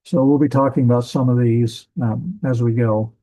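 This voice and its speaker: A man with a soft, warm voice leads a classroom lesson. He explains patiently and unhurriedly, often stalling with fillers and going back to restart his sentences. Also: medium pitch, fairly even intonation, moderate pace, rough recording. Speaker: Bible language teacher. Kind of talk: classroom lecture.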